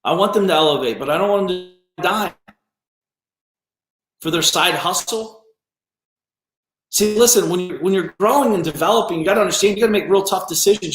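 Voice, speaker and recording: A man's voice: sits high, fairly bright tone, echoey room. A man who runs a business, giving a blunt, profane, scolding motivational rant on a live stream. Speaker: business owner.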